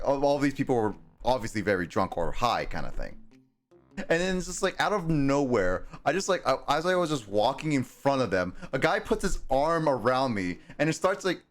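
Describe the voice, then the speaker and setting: Young man with a lively, rambling voice. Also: mid-range voice. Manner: rambling, halting, full of fillers. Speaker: streamer. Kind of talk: casual chat on a gaming livestream. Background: faint game music.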